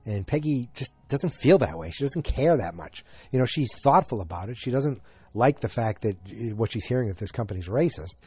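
A man casually recapping a TV episode, halting and rambling with frequent restarts. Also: medium pitch, lively intonation, darkish tone, breathy edge, dry recording. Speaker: show recap host.

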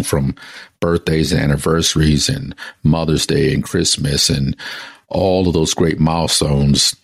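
Deep, gravelly-voiced male pastor. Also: no echo, studio quality. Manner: storytelling, conversational. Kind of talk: sermon.

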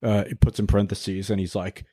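A man co-hosting a podcast in casual chat, rambling with lots of fillers and deadpan asides. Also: fairly low pitch, brisk, background noise. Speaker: podcast co-host.

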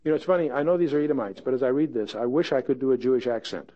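A man's voice: medium pitch, expressive, racing. A man teaching a conversational Bible study in a folksy, plain-spoken way with wry asides. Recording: dull lo-fi podcast recording.

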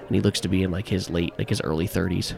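A man running a tabletop game as game master, narrating in a halting way with many fillers and restarts. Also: low voice, steady tone, vocal fry, a crowd in the background.

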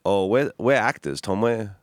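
A man co-hosting a podcast, telling stories loudly in casual chat, swearing freely, recorded in a studio. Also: lowish voice, expressive, normal speed, dry recording. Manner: loud, swearing, storytelling. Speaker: podcast co-host. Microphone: headphones and studio mic.

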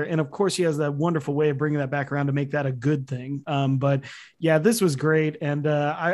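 A man's voice: fairly high pitch, a little mellow. A man co-hosting a podcast in casual chat, enthusiastic and laughing often. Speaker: podcast co-host.

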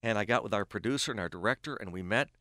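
A man's voice: fairly low pitch, rapid-fire, dry recording, clean studio sound. A middle-aged man, a baseball play-by-play announcer, telling a long story on a podcast and acting out the quoted back-and-forth. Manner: animated storyteller who acts out quoted dialogue.

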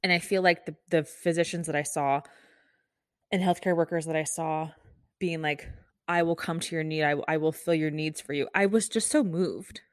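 Chatty woman podcaster, lowish dry voice. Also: steady tone, normal speed, no echo. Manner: candid, chatty, full of likes and restarts. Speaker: nurse and podcast host. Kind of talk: casual solo podcast talk. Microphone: podcast microphone.

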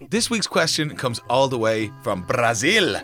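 Animated man co-hosting a podcast. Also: medium pitch, a little slow, faint music behind. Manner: playful, jokey, animated. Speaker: podcast co-host. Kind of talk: casual podcast chat.

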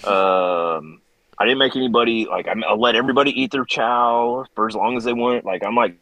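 A middle-aged man, a veteran guest on a podcast, telling a story in a profane, animated way and acting out the voices in it. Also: medium pitch, fairly quick, dry recording, rough recording. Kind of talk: casual storytelling.

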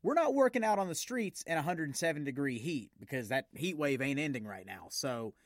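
A man's voice: on the high side, lively intonation, a little fast, no echo, clean studio sound. Encouraging male podcast host. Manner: encouraging, affirming. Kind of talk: casual interview chat.

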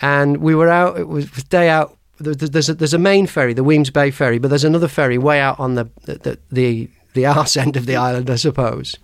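A man's voice: fairly high pitch, steady tone, brisk, creaky, few pauses, no room sound, clean studio sound. A man hosting a podcast, telling personal stories in a rambling way, with lots of restarts and laughs. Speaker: podcast host. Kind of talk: casual chat, personal storytelling.

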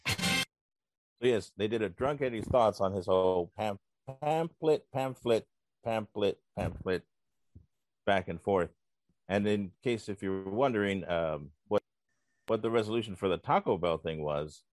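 A man's voice: lowish voice, moderate pace, no echo. A man hosting a podcast, recapping segments in a dry, rambling casual chat. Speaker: podcast host.

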